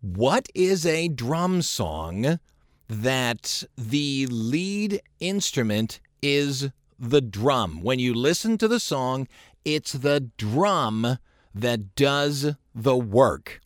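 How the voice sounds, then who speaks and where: A man's voice: medium pitch, sing-song, drawn-out words, no echo. A man hosting a radio show in a studio, talking in a casual, joking, self-deprecating way close to a studio microphone.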